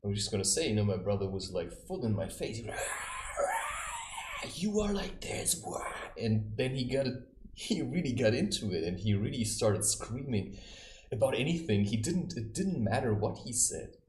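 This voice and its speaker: A man's voice: on the low side, animated, normal speed, a little mellow, a little hiss or hum. A man giving spiritual advice in a casual, rambling monologue, telling anecdotes and acting out the people in them. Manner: rambling, anecdotal, with acted quotes. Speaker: self-styled spiritual adviser. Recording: roomy echo.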